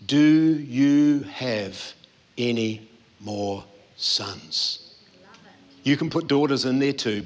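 A man's voice: a little high, bright, forceful tone. A man preaching a sermon, telling the story and acting out the quoted voices. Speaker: pastor. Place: church hall.

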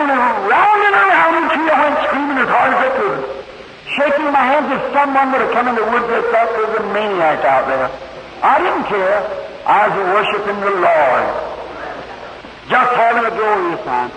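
A man with a strikingly high voice preaches a rambling, impassioned story sermon. His voice rings in a big echoing hall. The old 1950s tape is heavy with hiss. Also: lively intonation, normal speed. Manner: impassioned, rambling, surging pitch and volume. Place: church hall.

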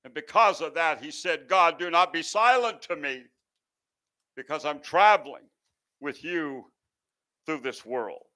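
A male pastor preaching an impassioned sermon that swells loud and sinks low, sometimes stumbling over words. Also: unhurried, pauses often. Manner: impassioned, swells and drops in volume.

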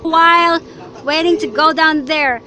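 A young Filipino woman with a Filipino accent chatting excitedly and giggling through a casual travel vlog at an outdoor resort, filmed on a handheld camera. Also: high-pitched, measured pace, crowd noise. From Philippines. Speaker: vlogger. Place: outdoor resort, partly on a cable car. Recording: noisy outdoor recording.

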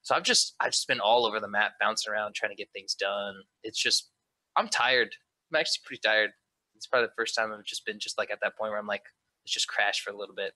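A man's voice: lowish voice, quick pace, pushed and bright, dry recording, rough recording. A man chatting casually before a tabletop game, rambling with lots of fillers and restarts. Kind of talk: casual chat.

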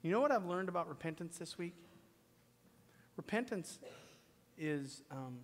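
A man preaching a sermon to his church, swinging from loud, pleading peaks down to a hushed whisper. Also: sits high, lively intonation, unhurried. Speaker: pastor. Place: church sanctuary. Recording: long reverb of a church hall.

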